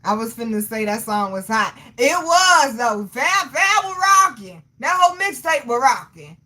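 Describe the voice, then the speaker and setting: A woman in her thirties hosting a livestream, answering her chat in a loud, animated way, laughing often and swearing freely. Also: fairly high pitch, normal speed, hardly any pauses. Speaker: livestream host reading chat. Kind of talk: casual chat.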